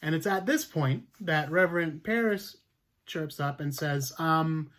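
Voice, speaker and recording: A man's voice: on the high side, measured pace, fairly bright tone. Man, podcast host, casual history storytelling, chatty, loose, rambling. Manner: chatty, many fillers and restarts.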